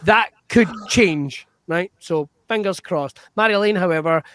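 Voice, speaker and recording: A man hosting an improv comedy show over a video call, energetic and laughing through quick banter. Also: sits high, smooth, no room sound. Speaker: host.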